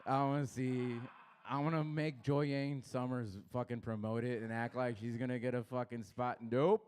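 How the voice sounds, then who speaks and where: A young man from Los Angeles doing a crude stand-up set, baiting the crowd and swinging his pitch up and down. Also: fairly even intonation, moderate pace, a little mellow, smooth. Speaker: stand-up comedian. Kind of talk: stand-up set at an open mic.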